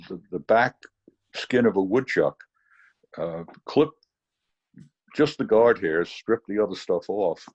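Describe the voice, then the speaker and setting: Brief: low, husky man, fly fishing teacher, rambling anecdotes on a video call. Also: darkish tone, highs cut off. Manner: rambling storyteller with fillers.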